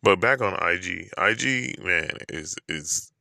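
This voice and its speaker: A man's voice: low voice, animated, slow, gravelly, bright, forceful tone, no echo. A man giving a casual, rambling opinion monologue to camera, slangy and loose with lots of fillers.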